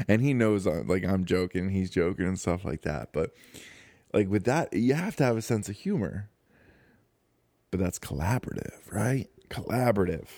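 A young man talks alone into a close microphone, hosting his podcast in a loose, joking ramble full of fillers and restarts. His voice sits low, with a dark, mellow tone. The sound is dry, with no room around it. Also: expressive, moderate pace, no room sound. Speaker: podcast host. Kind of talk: casual solo podcast monologue. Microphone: close studio microphone.

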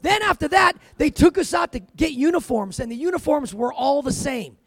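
A man's voice: very high-pitched, moderate pace, creaky, fairly bright tone, no echo. A man preaching a sermon, telling his own story with emphasis and dropping in "amen" and "man" as he goes. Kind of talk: sermon with personal testimony.

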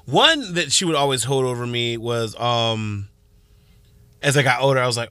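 Lively, bright-voiced male radio co-host. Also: mid-range voice, moderate pace, clear, resonant tone, dry recording. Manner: expressive, dips into quiet asides and acted quotes. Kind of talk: casual radio chat. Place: radio studio. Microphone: studio microphone.

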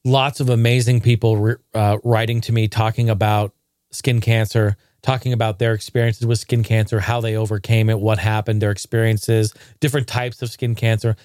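A man vlogging to camera in casual, profane storytelling, jokey and animated, breaking into outraged bursts. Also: lowish voice, normal speed, no echo, studio quality.

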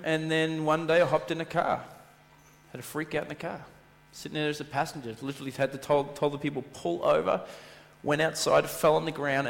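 A married male pastor preaching a sermon, telling stories animatedly and acting out voices. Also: mid-range voice. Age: adult, married. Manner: animated storyteller, acts out voices, repetition for emphasis. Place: church hall. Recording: long reverb of a church hall.

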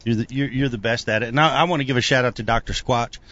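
A man co-hosting a call-in show, supportive and quick to laugh. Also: mid-range voice, pushed and bright, highs cut off. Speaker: co-host. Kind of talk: casual chat.

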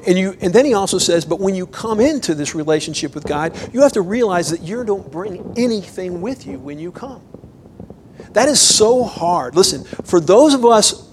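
A pastor preaching to his congregation, a man whose somewhat high voice swings from quiet asides to loud, emphatic bursts. He talks in a loose, conversational way, full of quick asides. A faint low rumble sits under the recording. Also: rough recording. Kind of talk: sermon.

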